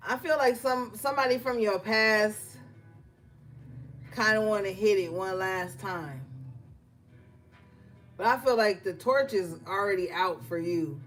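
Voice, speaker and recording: A woman's voice: medium pitch, measured pace, pauses often, fairly bright tone, soft background music. A woman doing a casual tarot reading, blunt and profane, telling stories between the cards she draws. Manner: blunt, profane, conversational with slang. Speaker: tarot reader.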